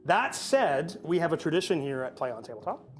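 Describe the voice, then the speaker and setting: A man's voice: fairly high pitch, sing-song, brisk. A man hosting a tabletop gaming stream, chatting casually and joking while thanking viewers. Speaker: host. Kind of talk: casual chat.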